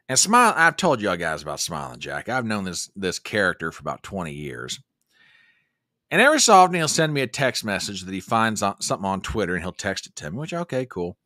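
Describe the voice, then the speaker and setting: A man's voice: fairly low pitch, no echo, clean studio sound. A man hosting a casual livestream, folksy and talkative, reading viewer comments aloud. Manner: folksy, animated, reads chat comments aloud. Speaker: livestream host.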